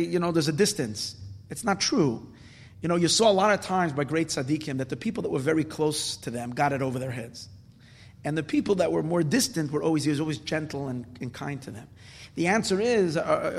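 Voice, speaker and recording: High-voiced man teaching Torah, hall reverb. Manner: earnest, emphatic, often repeats words. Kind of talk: spoken Torah class.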